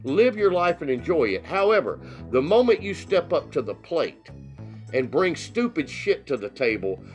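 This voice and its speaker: A man's voice: on the high side, big pitch swings, normal speed, faint music behind. Blunt, opinionated man chatting on a podcast. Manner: blunt and opinionated, repeats "you know what", stammers on restarts. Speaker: podcast co-host. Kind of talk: casual podcast banter.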